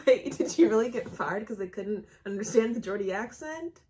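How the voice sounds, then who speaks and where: A woman's voice: a little high, lively intonation, normal speed, dark tone, faint music behind. A young American woman hosting a reaction video, chatting casually and exclaiming questions aloud. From United States.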